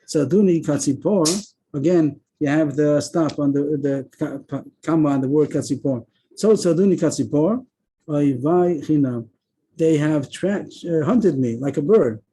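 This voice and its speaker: A man's voice: a little high, moderate pace, warm tone, a little hiss or hum. Man teaching a text over video call. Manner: thinking aloud, hesitant with frequent uh and restarts. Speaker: Torah class teacher.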